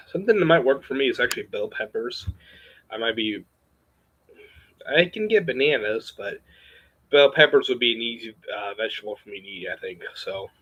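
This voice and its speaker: A young man chatting casually in a vlog at home, rambling and hesitant, with a gravelly, husky voice on a webcam or phone mic. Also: lowish voice, fairly bright tone, dull audio. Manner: rambling, hesitant, lots of fillers. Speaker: vlogger.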